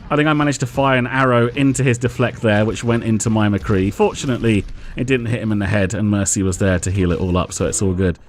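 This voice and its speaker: A man's voice: on the low side, fairly even intonation, quick pace, slight background noise. A man hosting a casual gameplay commentary, talking in an analytical, self-mocking way at a desk microphone. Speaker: host.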